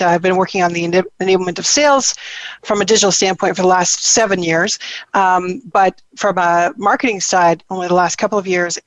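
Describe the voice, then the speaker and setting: Woman business guest, mid pitch, hesitant and thoughtful, dry recording. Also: dry recording, poor audio. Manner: thoughtful, many ums and restarts. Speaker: guest, corporate digital enablement lead. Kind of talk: remote guest commentary.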